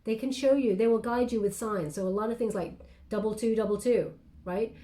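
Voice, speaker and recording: Mellow-voiced woman giving a chatty card reading. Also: a little high, fairly quick. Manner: gentle, affectionate, chatty with many fillers. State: briefly tearful then composing herself. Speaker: tarot card reader. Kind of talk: casual spoken card reading.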